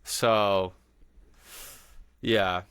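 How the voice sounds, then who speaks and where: A young man co-hosting a podcast in casual chat, enthusiastic and quick to laugh. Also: fairly low pitch, clear, resonant tone, dry recording, clean studio sound. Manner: animated and enthusiastic, laughs often. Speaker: podcast co-host.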